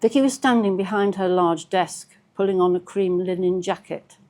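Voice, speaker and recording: A woman author reading aloud from her own novel in a measured, steady storytelling manner. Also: fairly low pitch.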